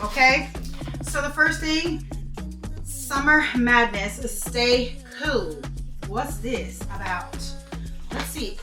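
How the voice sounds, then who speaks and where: A woman's voice: on the high side, bright, forceful tone. A young woman, gushing to her viewers while unboxing in a casual vlog. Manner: gushing, exclaims often, talks straight to viewers. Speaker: beauty vlogger. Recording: echoey room, faint music.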